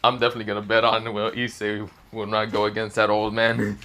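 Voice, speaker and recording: A man's voice: lowish voice, monotone, brisk, pushed and bright. A man voicing a brash male demon lord with a casual, offhand way of talking, in a fan story reading.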